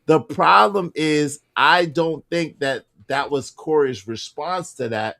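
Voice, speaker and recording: A man's voice: fairly high pitch, takes it slowly, vocal fry, bright, forceful tone. Insistent male livestream host. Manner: insistent, repeats points for emphasis. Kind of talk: casual panel debate.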